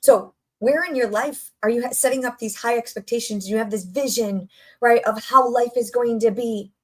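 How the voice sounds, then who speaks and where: Energetic motivational woman speaker, fairly high voice. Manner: energetic, conversational, rhetorical questions and repetitions. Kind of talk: motivational talk.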